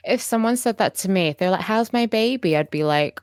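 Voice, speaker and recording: A young adult woman guesting on a podcast, chatting casually with blunt, deadpan jokes. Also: lowish voice, quick pace, clear, resonant tone, no room sound, clean studio sound. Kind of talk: casual chat.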